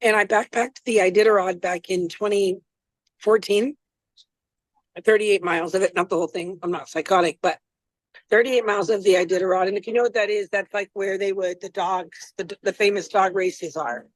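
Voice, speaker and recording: A woman's voice: medium pitch, fairly even intonation, moderate pace, no echo, low-quality recording. Female chef guest, conversational and rambling, pokes fun at herself; dead-dry sound. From Florida, US. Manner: chatty, rambling, self-deprecating. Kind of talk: casual interview chat.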